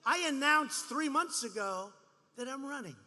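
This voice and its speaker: A man's voice: very high voice, animated, a little slow, pushed and bright, in a large hall, a little hiss or hum. A man in his seventies giving a rambling, boastful, mocking campaign rally speech, repeating his phrases. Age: 70s. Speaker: politician speaking at a rally. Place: large rally venue.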